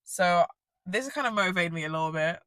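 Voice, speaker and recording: A woman's voice: lowish voice, lively intonation, a little fast, fairly bright tone, no echo. A woman ranting casually to camera, rambling and self-deprecating, swearing often and laughing at herself. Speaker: vlogger.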